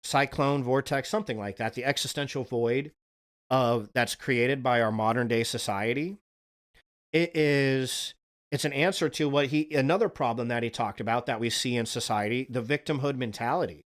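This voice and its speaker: A man's voice: medium pitch, moderate pace. A man hosting a self-help video, talking in a casual, earnest and rambling way, swearing freely and often restarting his sentences. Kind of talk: casual monologue.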